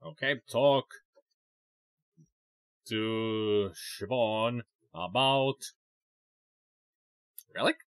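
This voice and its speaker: A man's voice: on the low side, extremely slow, pauses often, smooth, no room sound, clean studio sound. A man hosting a let's play, thinking aloud with many fillers in casual commentary.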